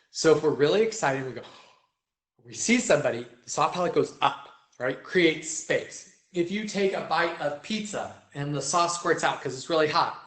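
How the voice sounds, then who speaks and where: The voice is a young man's, somewhat high and a bit bright, as he takes a choir through vocal technique step by step, frequently tossing in "right?". He illustrates points by singing, and the recording carries a roomy echo.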